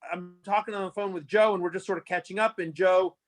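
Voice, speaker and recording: A fast-talking man with a high voice appears as a guest on a casual interview, where he's a fantasy sports analyst. He rambles through animated stories, packed with fillers and restarts.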